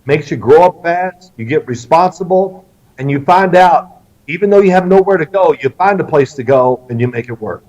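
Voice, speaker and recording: A middle-aged man from Kentucky, an interview guest telling lively family stories and acting out the lines of the people in them. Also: on the high side, normal speed. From Louisville, Kentucky, US. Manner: animated storyteller who acts out quoted lines. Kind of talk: storytelling interview. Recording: slightly distant, dull lo-fi sound.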